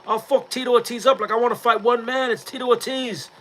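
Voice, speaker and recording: A man's voice: very high voice, steady tone, quick pace, a little hiss or hum, pitched above the performer's own voice. A man imitating a cocky male fighter calling out a rival, voice pushed way up. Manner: shouting a challenge, cocky. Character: brash trash-talking English male fighter.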